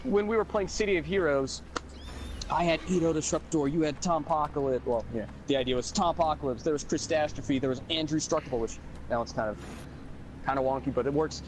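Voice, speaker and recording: A man's voice: fairly high pitch, brisk, slight background noise, poor audio. A man in casual chat, rambling with many restarts, laughing and swearing. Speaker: podcast co-host.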